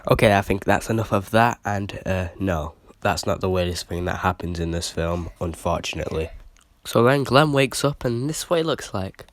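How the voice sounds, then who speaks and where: A man's voice: sits low, lively intonation, moderate pace, no echo. A British man reviewing a horror film in a casual, rambling way, with lots of fillers and restarts.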